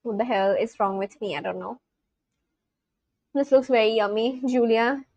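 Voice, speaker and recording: A woman livestreaming in a casual chat, gushing excitedly and talking straight to her viewers. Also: a little high, moderate pace, dry recording, highs cut off.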